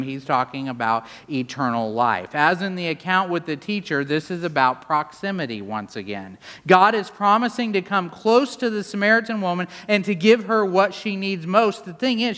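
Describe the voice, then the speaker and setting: Male pastor, fairly high voice, animated sermon delivery, long reverb of a big sanctuary. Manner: animated preaching with wide swings in pitch and volume. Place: large church sanctuary.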